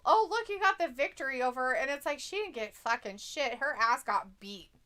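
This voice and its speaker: A woman's voice: high voice, expressive, normal speed, pushed and bright. A woman around forty co-hosting a casual live stream, giggling, swearing often and reading viewers' chat messages aloud.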